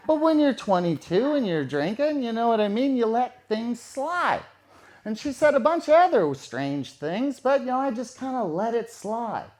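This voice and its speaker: A man's voice: very high-pitched, big pitch swings, normal speed, darkish tone. A man telling a true story in a casual, conversational way, repeating phrases for effect.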